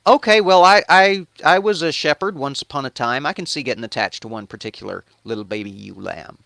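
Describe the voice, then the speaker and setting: A man's voice: medium pitch, brisk, gravelly, a bit bright, no echo. A man voicing a petulant, hot-tempered male king who swears and speaks with sarcasm. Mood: exasperated. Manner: profane, sarcastic, exasperated.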